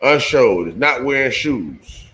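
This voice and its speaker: A man hosting a show, reading scripture slowly and haltingly, then talking it over loosely and with swearing. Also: mid-range voice, lively intonation, bright, forceful tone, poor audio. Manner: reads verses slowly and haltingly, then talks loosely and profanely. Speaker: show host. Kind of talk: casual scripture reading with commentary.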